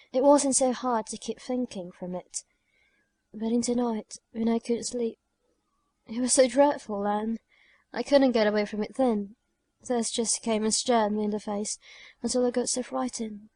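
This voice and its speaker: A woman reading an audiobook voices a frail, dying young woman who pleads tearfully and haltingly. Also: a little high, mellow.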